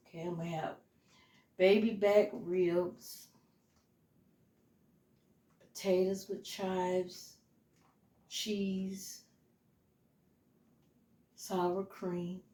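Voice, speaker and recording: A middle-aged woman with a fairly low, warm voice chats casually with her viewers, calling them "y'all," as she cooks in her home kitchen. She's a home cooking vlogger, and the sound is reverberant.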